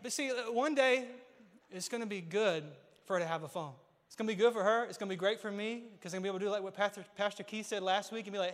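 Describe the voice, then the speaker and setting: A man in his thirties preaching a sermon as pastor, repeating key lines and building to loud, emphatic peaks. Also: high-pitched, fast. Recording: hall reverb.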